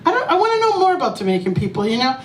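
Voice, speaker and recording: Brief: high-pitched female stand-up comic, salty and animated, recorded from a distance in an echoey club. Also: rapid-fire, a little hiss or hum. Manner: profane, animated, breaks into laughter. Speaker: stand-up comedian. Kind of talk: stand-up comedy set. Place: small comedy club stage. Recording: echoey room, mic from a distance.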